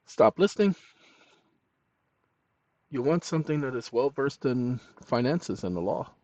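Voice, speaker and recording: A man's voice: medium pitch, animated, moderate pace, a little mellow, dry recording. A man hosting a tutorial, dictating prompts aloud with spoken punctuation between loose, chatty asides. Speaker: channel host. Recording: dull lo-fi recording.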